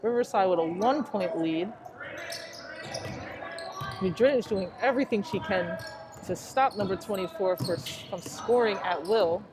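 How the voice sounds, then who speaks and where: A woman doing play-by-play for a high school basketball game, nervous and excitable, chatting to listeners between plays. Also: unhurried, long pauses. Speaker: play-by-play announcer. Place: school gym during a game. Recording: noisy gym sound. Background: crowd ambience and bouncing basketballs.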